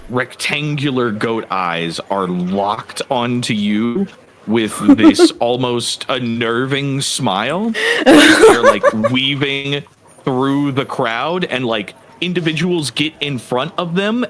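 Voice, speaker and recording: Brief: male game master narrating a tabletop scene, hesitant, animated pitch. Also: slow. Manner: hesitant, many "uh" and "um" fillers.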